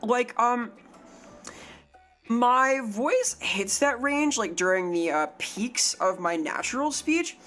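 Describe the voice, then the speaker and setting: A woman's voice: a little high, lively intonation, takes it slowly, fairly bright tone. Chatty woman streamer with a tired throat. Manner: chatty, silly, swears casually, lots of "like". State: throat strained from lack of sleep. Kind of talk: casual live-stream chat.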